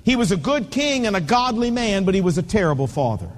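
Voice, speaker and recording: A man's voice: sits high, sing-song, fast talker. A man in his fifties preaching a sermon, telling stories and hammering home points with repeated punchy phrases. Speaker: pastor. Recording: long reverb of a large hall.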